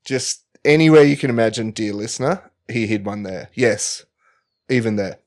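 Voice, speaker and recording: A man's voice: lowish voice, normal speed, darkish tone. A man co-hosting a comedy podcast, retelling a story in a rambling, jokey way full of fillers and restarts. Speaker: podcast co-host. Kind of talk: comic storytelling chat.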